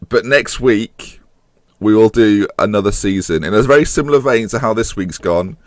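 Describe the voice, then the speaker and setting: A young man commentating on his own game, animated and swearing as he pleads with the screen. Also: on the low side, moderate pace, no room sound. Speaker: gaming YouTuber. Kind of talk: gameplay commentary.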